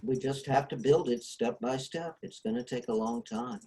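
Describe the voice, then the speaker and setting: A man's voice: mid-range voice, moderate pace, mellow. A man hosting a casual discussion over a video call, explaining ideas with frequent hesitations. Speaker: host.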